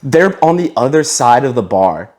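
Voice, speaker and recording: A man's voice: mid-range voice, very animated, moderate pace, darkish tone. A man, a chef and podcast guest, telling a story in casual chat, acting out quoted dialogue and laughing often.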